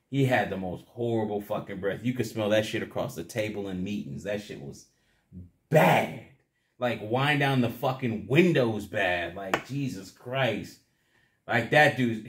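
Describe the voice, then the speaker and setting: A man's voice: mid-range voice, a little hiss or hum. Crude, rambling young man. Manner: crude, profane, laughs often, rambling. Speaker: vlogger. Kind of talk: casual rambling monologue.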